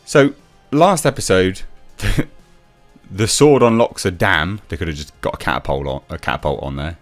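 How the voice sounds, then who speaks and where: A man's voice: deep voice, moderate pace, soft background music. A man reviewing a TV episode in a sarcastic, exasperated rant, swearing freely. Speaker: TV show reviewer. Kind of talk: ranting video review.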